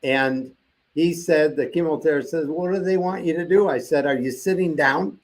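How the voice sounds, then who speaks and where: An older man with a slightly high voice tells a story as an interview guest. He talks casually and animatedly, and he acts out the dialogue he quotes. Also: moderate pace.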